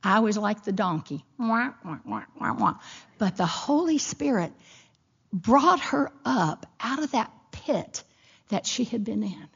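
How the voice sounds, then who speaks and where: A middle-aged woman, a women's Bible teacher, gives a sermon featuring a personal story, told expressively with acted-out voices for the people she quotes. Her medium-pitched voice is animated, unhurried, gravelly and husky, captured on a dull lo-fi recording.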